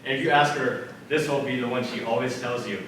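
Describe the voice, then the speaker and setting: A man's voice: medium pitch, brisk, a bit bright, a little hiss or hum. Young man, casual earnest storyteller, faith talk, very echoey room, mic at a distance, faint ambience. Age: young adult. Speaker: student speaker. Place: multipurpose room at a church center.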